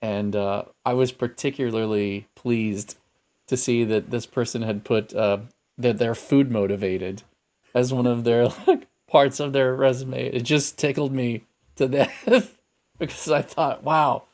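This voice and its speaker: A man's voice: medium pitch, fairly even intonation, unhurried, a little mellow. A man co-hosting a podcast, talking in a thoughtful, rambling way with many fillers and restarts. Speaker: podcast co-host. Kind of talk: casual podcast chat.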